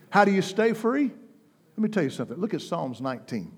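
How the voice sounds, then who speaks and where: A man preaching a sermon, impassioned, swinging between loud, soaring declarations and hushed, intense passages. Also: high voice, fairly quick. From United States.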